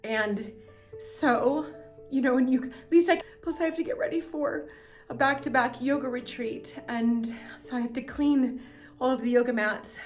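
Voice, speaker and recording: An American woman shoots a casual vlog in her house cellar from behind a handheld camera, speaking in a rambling, emotional, apologetic manner. Her voice is high-pitched with a darkish tone at a normal speed, and soft music plays in the background.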